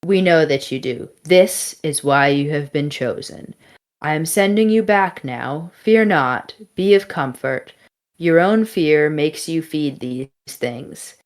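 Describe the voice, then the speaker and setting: Woman doing a calm, solemn voice from beyond. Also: deep voice, slow pace. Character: calm, solemn disembodied voice in the head.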